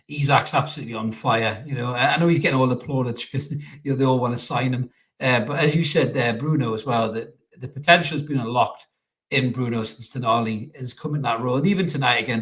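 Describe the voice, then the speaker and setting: A man co-hosting a live football reaction show, joking and swearing freely. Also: mid-range voice. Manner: sweary, jokey, repeats words when excited. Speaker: football podcast co-host. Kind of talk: live post-match reaction chat.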